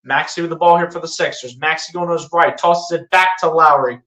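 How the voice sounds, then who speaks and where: Speaking a little fast at medium pitch, an excitable fan delivers live basketball play-by-play with a bright, forward tone. Steady calls repeatedly give way to sarcastic jabs and pleas, all ringing in an echoey room.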